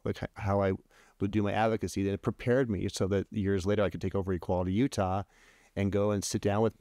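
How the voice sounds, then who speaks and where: Man, podcast guest, casual storytelling, low voice, dry close sound, many restarts, animated. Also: smooth, no room sound. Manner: animated, many restarts, jumps higher when quoting himself. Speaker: podcast guest, LGBT advocate.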